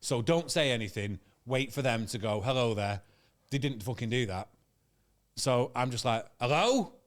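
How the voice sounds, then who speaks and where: A man, a comedian guest, telling a comic story in an animated, sweary way and laughing through it. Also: medium pitch, normal speed.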